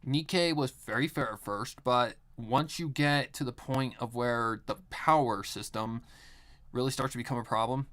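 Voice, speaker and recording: A man rambling through casual stream chat while he works, peppering his talk with filler words and swearing freely. His voice sits at an everyday middle pitch, and his manner is loose and unscripted. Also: moderate pace, a bit bright.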